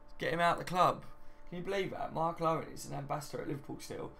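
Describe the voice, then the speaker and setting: A man's voice: on the high side, rapid-fire, creaky, pushed and bright, a little hiss or hum. A young man hosting a live stream, reading out viewer comments in a chatty, matey way. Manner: chatty and matey, often says "mate" and "do you know what I mean".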